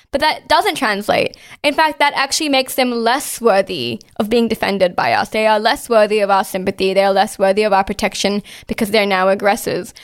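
A woman's voice: on the high side, clean tone. A woman co-hosting a casual political discussion, talking in an impassioned way, swearing often and saying "like" a lot.

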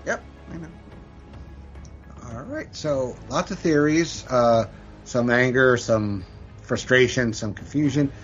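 A man hosts a casual podcast in a relaxed, easygoing way. His voice sits in a middle pitch. The audio is slightly dull and lo-fi, with faint music underneath. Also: takes it slowly, pauses often. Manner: laid-back, wraps up with a sign-off. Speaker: podcast host. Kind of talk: casual chat.

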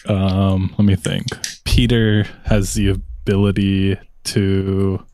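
A man's voice: low voice, monotone, takes it slowly, warm tone, no echo. A man hosting a podcast in casual chat, laid-back as he leads a round of questions. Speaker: podcast host.

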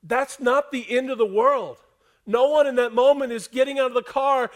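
A male pastor delivers a sermon to his congregation in a noticeably high voice. He drops to soft, hushed lines and then climbs back to loud, emphatic passages. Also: steady tone, moderate pace. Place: church hall before a congregation.

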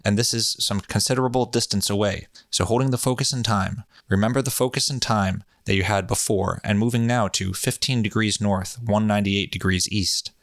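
A man voicing a calm male session monitor, giving slow, measured, repeated directions in a hypnotic manner. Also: on the low side, no echo, studio quality.

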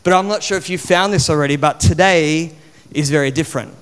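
A man, preaching a sermon in a relaxed, conversational way full of fillers. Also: on the high side, fairly quick, clean tone. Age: 40s. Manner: conversational, chatty with many fillers. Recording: long hall reverb.

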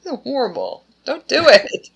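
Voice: high voice, huge pitch swings, a little slow, gravelly, a bit bright, breathy edge. A podcast co-host in casual chat who rambles and slips into offhand character voices.

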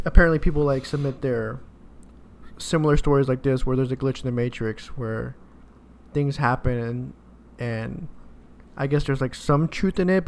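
A man shares a memory on a podcast in a loose, rambling way, often pausing and restarting. His pitch sits in the middle range, and his tone is relaxed and conversational. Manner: rambling, halting anecdotes. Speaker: podcast co-host. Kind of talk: casual chat.

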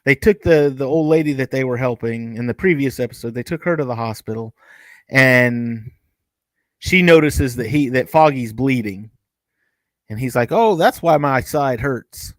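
Speaking at a medium pitch, a man co-hosts a fan review podcast in relaxed conversation. He trips over his words frequently and restarts sentences, with many fillers. No room sound is audible.

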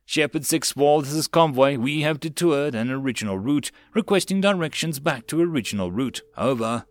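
A man's voice: on the high side, lively intonation, moderate pace, dry recording, pitched above the performer's own voice, lightly acted. Man voicing a convoy sergeant, terse orders, tense, slightly raised voice. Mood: commanding.

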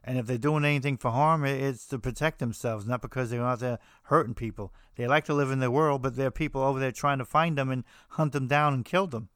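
A man's voice: medium pitch, quick pace, few pauses, fairly bright tone, no room sound, studio quality. An American man hosting a podcast, talking casually in a rambling way with frequent restarts and fillers. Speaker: podcast host. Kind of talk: casual monologue on horror films.

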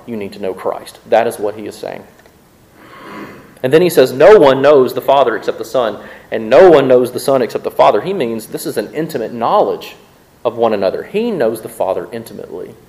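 A pastor preaches a sermon conversationally, frequently checking in with the congregation through "right?" asides. His voice is medium-pitched and a little mellow, and the audio quality is poor.

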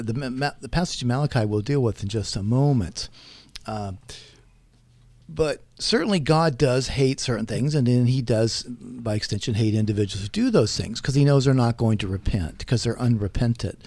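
A man's voice: medium pitch, darkish tone. A man, a theology professor, explaining scripture on talk radio in a lecturing way with many fillers.

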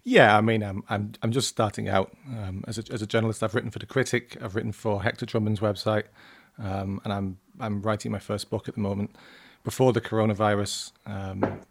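A man in his thirties with a northern English accent talks through a relaxed podcast chat as the guest. His voice sits low and gravelly. He hesitates often, filling gaps with ums and restarting his sentences. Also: brisk, hardly any pauses. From northern England. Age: 30s. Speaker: guest journalist.

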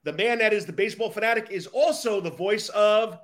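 A man's voice: sits high, brisk. A man co-hosting a casual baseball podcast, chatty and stumbling over his words. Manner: stumbling, self-deprecating, chatty. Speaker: podcast co-host, the Coach.

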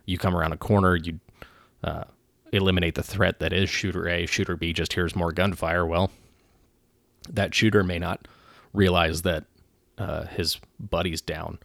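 A man who works as a police officer, talking through policy in a measured way with frequent pauses and restarts. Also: deep voice, vocal fry, dry recording, studio quality. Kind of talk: casual commentary.

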